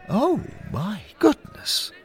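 A man's voice: a little high, huge pitch swings, takes it slowly, creaky, voice pushed up, full character voice. A man voicing an enthusiastic older male ghost who speaks eagerly and exclaims often. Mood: delighted. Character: warm-hearted old male ghost, enthusiastic old friend.

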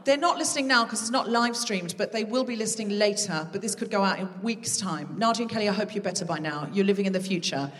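A woman's voice: medium pitch, fast, hardly any pauses, distant mic, background noise. Woman comedy host on stage, playful banter with the crowd; live reverberant hall, off-mic feel. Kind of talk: live stand-up crowd work. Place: large theatre with a live audience. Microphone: stage microphone.

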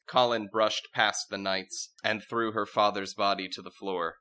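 Bright-voiced man narrating a comic tale. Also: on the low side, measured pace. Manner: wry, deadpan narration with frequent laughs. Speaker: narrator and storyteller. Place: podcast recording with friends.

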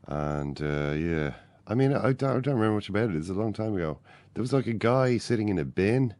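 A man's voice: lowish voice, animated, a little fast, darkish tone, no room sound. An Irish man co-hosting a podcast, telling a rambling anecdote and laughing at his own story. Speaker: podcast co-host.

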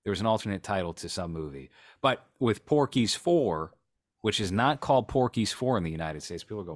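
A man co-hosting a podcast, talking in a rambling, sarcastic, joking way. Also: lowish voice. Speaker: podcast co-host. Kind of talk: casual chat.

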